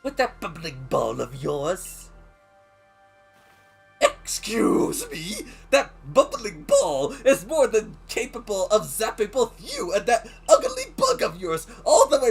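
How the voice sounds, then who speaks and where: A brash, boastful young warden voiced by a man with a thick put-on Italian accent. He talks loud and mocking, his voice leaping high with scorn. Faint music plays underneath. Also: wildly swooping pitch, takes it slowly, creaky, slightly rough, exaggerated voice.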